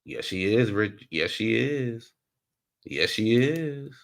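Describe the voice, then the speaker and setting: A man recaps a reality TV episode casually, his voice on the low side and his pace slow. He's sassy and animated, alternating loud outbursts with muttered asides.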